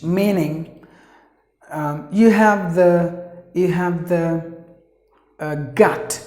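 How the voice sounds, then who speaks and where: Male teacher from India, slow deliberate delivery, roomy echo. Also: fairly high pitch, darkish tone. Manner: repeats words slowly, stresses sounds, asks "yeah?". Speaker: English pronunciation teacher. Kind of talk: slow, patient pronunciation lesson.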